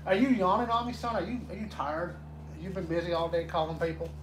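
A rambling old trailer-park fisherman, put on by a man for a prank call. He drawls along in a slightly high voice, calling the other man son and spinning tall tales. A faint hiss sits under the voice. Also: steady tone, fast, close to an everyday voice.

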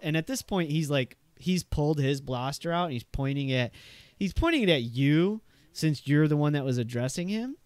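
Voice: medium pitch, animated, moderate pace, a little mellow, no echo. A game master running a tabletop game, narrating with many hesitations and fillers.

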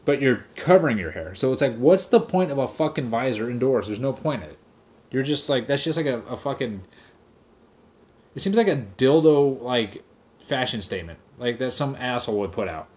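A man's voice: medium pitch, expressive, normal speed, darkish tone. A man hosting a podcast, ranting casually with heavy swearing and mocking impressions of people. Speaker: podcast host. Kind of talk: casual profane rant.

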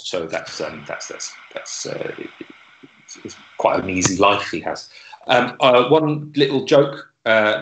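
A man hosting an online comedy club, delivering deadpan stand-up in a hesitant way with lots of filler words. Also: on the low side, roomy sound, low-quality recording. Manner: hesitant, many fillers and restarts, dry delivery.

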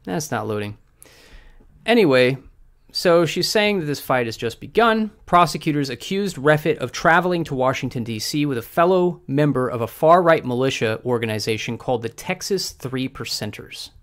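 A man hosting a podcast with livestream commentary, combative and sarcastic, dropping to mutters and then breaking into loud outbursts. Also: medium pitch, lively intonation, moderate pace. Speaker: podcast host.

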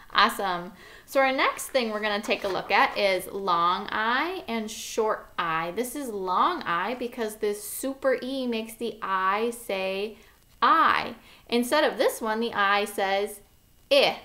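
Female kindergarten teacher, very slow careful delivery, spells sounds out letter by letter, encouraging. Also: mid-range voice, sharp tone. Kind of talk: phonics lesson for young children.

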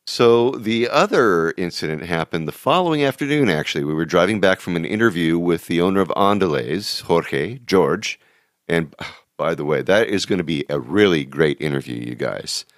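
A man's voice: sits low, animated, moderate pace, no room sound, clean studio sound. A man hosting a travel show, telling anecdotes in a chatty, easygoing way with plenty of fillers and chuckles. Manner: chatty, laughs at his own stories, many fillers. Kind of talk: casual anecdotal storytelling.

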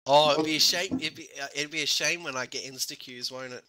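A man's voice: a little high, quick pace. A young man in casual, crude, joking banter during a voice chat while gaming. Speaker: gamer in voice chat. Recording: voice chat with loud crowd noise.

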